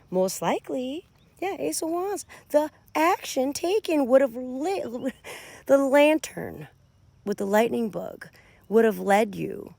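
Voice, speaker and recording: A woman gives a casual tarot reading with a gravelly edge to her voice. Her pitch swoops up and down as she speaks to her viewers directly. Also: no room sound. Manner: animated, addresses viewers directly. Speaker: tarot reader.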